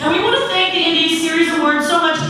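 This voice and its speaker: A woman's voice: very high-pitched, racing, sharp tone, a little hiss or hum. A woman from Canada giving an award acceptance speech, gushing and stumbling over fillers in a large theater. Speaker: award winner. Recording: echoey theater from far off.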